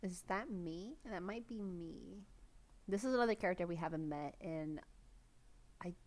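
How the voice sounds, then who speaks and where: A woman's voice: lowish voice, moderate pace, a little mellow. A woman streamer chatting casually while playing a game, giggly and swearing freely. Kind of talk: casual gameplay commentary. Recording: game music behind.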